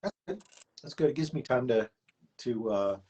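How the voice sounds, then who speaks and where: A man's voice: mid-range voice, moderate pace, husky, muffled recording. Laid-back man guesting on a live stream. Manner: relaxed and easygoing. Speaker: guest artist. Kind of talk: casual chat on a live stream. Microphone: webcam or computer mic on a video call.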